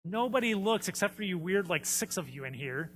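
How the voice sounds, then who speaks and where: A man's voice: sits high, animated, a little fast, in a large hall. A man preaching a sermon as a pastor, telling stories in a conversational way with frequent fillers. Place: church sanctuary.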